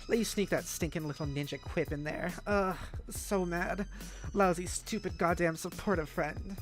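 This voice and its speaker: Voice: mid-range voice, moderate pace, close to an everyday voice. A snarky, sulking teenage troll girl with an exasperated grumble, as a streamer puts her on. Faint music plays underneath. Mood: sulky annoyed. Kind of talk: practicing a character voice on stream.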